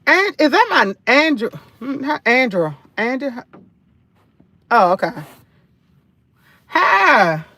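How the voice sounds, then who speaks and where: A woman's voice: high voice, sing-song, slow pace, pauses often, sharp tone, no room sound. Chatty New woman livestreaming. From New York. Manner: chatty, repeats phrases, rambling storytelling. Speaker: livestream host. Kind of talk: casual live chat.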